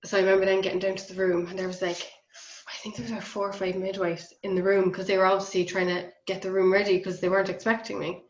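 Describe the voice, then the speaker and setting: A woman's voice: medium pitch, little pitch movement, fast, reverberant, muffled recording. A woman telling her birth story in a chatty, casual way, laughing often. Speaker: podcast guest.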